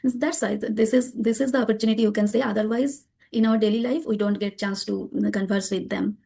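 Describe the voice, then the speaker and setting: Hesitant Indian-accented woman, mellow voice. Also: medium pitch, fairly even intonation, fairly quick, gravelly, slightly rough. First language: Bengali. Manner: hesitant, frequent fillers and restarts. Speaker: guest learner. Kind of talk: conversational English practice interview.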